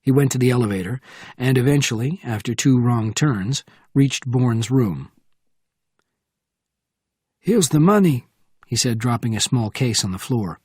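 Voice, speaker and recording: A man giving steady scripted narration of a thriller audiobook. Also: medium pitch, normal speed, husky, no echo, clean studio sound.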